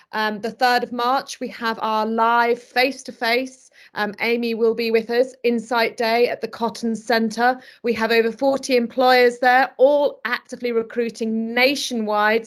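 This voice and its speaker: British female host, slightly high, chatty, restarts words. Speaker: webinar host. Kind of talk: closing announcements.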